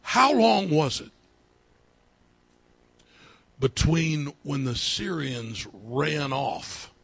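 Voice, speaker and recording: A male pastor preaching a sermon, repeating his phrases and building up to fervent shouting. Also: fairly high pitch, very animated, drawn-out words, breathy edge, dry recording.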